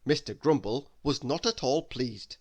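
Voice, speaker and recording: A man reading a children's bedtime story aloud, animated and asking the listener questions as he goes. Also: mid-range voice, measured pace.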